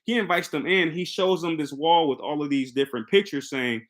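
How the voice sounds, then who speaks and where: A young man with a slightly high voice retells a film's plot in a casual, excitable way. He trips over his words and starts sentences again as he goes, then drops into the characters' lines to act them out. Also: brisk, few pauses. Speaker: film reviewer recapping a movie. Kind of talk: casual spoken movie recap.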